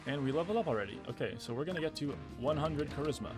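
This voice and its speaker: Brief: young American man, mid-pitched, excitable gameplay commentary, game music clearly audible underneath. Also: racing, hardly any pauses. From United States. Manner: excitable, exasperated, says "bro" a lot. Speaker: gaming video creator.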